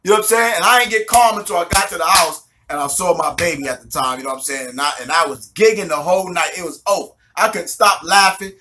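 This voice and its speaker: A man, telling a testimony in an animated, slangy way, swearing, laughing often and checking that the listener follows. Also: high-pitched, quick pace, few pauses, soft background music. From New York City. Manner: swears a lot, street slang, keeps asking if you follow. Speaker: minister giving a testimony.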